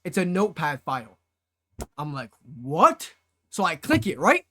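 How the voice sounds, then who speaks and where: High-voiced young man telling a story. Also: moderate pace. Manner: animated slangy storytelling, acts out his own past reactions. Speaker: streamer. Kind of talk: casual storytime to a live chat.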